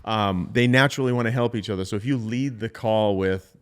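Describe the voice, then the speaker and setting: A man's voice: lowish voice, fairly quick, clear, resonant tone. A man co-hosting a casual roundtable chat, talking emphatically and acting out sample sales calls. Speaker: podcast co-host.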